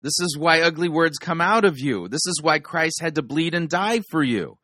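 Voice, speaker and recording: A man's voice: on the high side, animated, normal speed, pushed and bright, dry recording. Blunt man reviewing a sermon, dry close mic. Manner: blunt, doctrinal interjections. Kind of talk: commentary on a played sermon.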